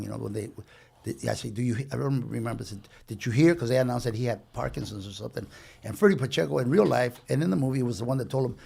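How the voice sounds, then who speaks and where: A man's voice: mid-range voice, fast talker, gravelly, darkish tone, breathy edge. A man telling rambling, chatty anecdotes as a guest on a casual podcast, restarting his sentences and dropping in Spanish slang. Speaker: guest storyteller.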